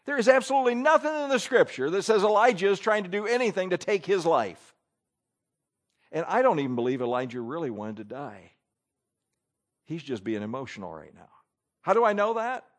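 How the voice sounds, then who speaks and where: A man delivers an emphatic sermon, alternating between loud declarations and hushed asides. His voice sits a little high.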